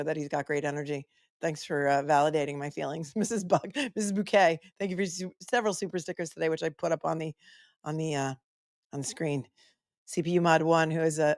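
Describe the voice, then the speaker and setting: A woman's voice: sits low, no room sound, studio quality. A woman attorney hosting a live stream, chatting casually and playfully while reading out viewer messages. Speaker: attorney commentator hosting a livestream.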